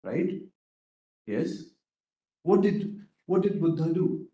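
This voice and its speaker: A man's voice: a little high, sing-song, slow, warm tone. A man giving a workshop lecture to students, often asking them questions and tagging his points with "right?". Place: lecture room. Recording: roomy echoey lecture room.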